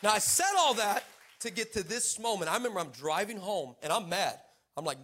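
Pastor, male, high bright voice, animated storyteller who breaks into shouts. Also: fairly quick. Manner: animated, laughs through stories, rises to shouting exhortation. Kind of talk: sermon with storytelling. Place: church service.

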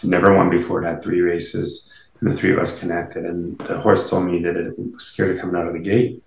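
A man's voice: deep voice, flat delivery, a little fast, creaky, roomy sound, low-quality recording. A man, a medium and interview guest, telling stories casually in a rambling way with many fillers and restarts. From Canada. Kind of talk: casual storytelling.

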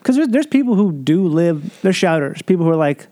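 A man's voice: high voice, a little fast. A man guesting on a podcast, telling stories animatedly in casual chat. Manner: animated storyteller.

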